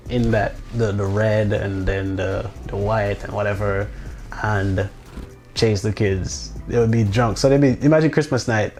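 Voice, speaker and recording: Guy ranting casually, low voice, keeps restarting and cussing. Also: a little mellow. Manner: rambling, restarts often, swears, incredulous asides. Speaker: vlogger. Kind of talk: casual monologue.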